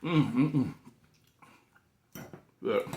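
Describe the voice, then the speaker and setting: A man's voice: mid-range voice, expressive, drawn-out words, darkish tone. Cussing man eating on camera, roomy sound. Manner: loose, profane and joking, talking while eating. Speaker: food vlogger. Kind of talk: casual eating vlog.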